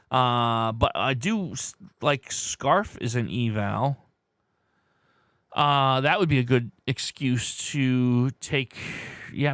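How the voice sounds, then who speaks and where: A man hosting a live word-game stream, reading out viewers' guesses in an excitable way, his voice worn hoarse. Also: medium pitch, no room sound, clean studio sound. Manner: animated, excitable, shouts "No!" at wrong guesses. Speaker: livestream host.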